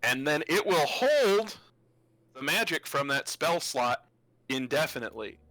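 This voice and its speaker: A man's voice: fairly high pitch, expressive, measured pace, sharp tone, no echo, rough recording. A man running a tabletop game as game master who narrates and explains the rules loosely and laughs often.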